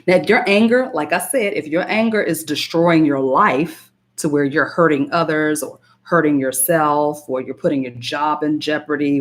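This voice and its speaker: Woman, low voice, spiritual coach, live-stream talk, emphatic, repeats herself. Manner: emphatic, repeats phrases, greets chatters by name.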